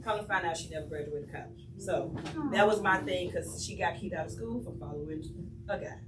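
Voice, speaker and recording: A woman on a panel telling a family story in a playful, animated way, acting out the quotes. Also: on the low side, a little fast. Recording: echoey room from far off, noisy.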